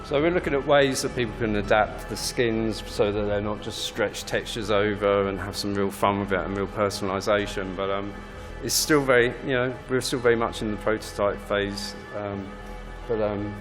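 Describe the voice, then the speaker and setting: A man's voice: on the low side, fairly even intonation, moderate pace, over music. A man, a game developer, giving a casual conference talk with many fillers.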